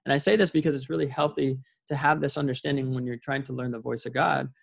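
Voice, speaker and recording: A man with a gravelly, mid-pitched voice talks through his thoughts in an earnest, meandering way, circling back and restarting often. The recording is dry and close, with a slightly muffled tone. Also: fairly even intonation, quick pace, no room sound. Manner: earnest, rambling, with many restarts and fillers. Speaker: vlogger sharing faith reflections. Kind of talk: casual spoken reflection.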